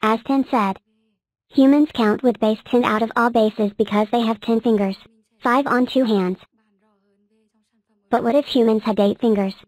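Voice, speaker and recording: A woman's voice: a little high, fairly even intonation, moderate pace, long pauses, a little mellow, no room sound, rough recording. A woman narrating a cartoon math lesson, explaining step by step in an upbeat way. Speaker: narrator and teacher.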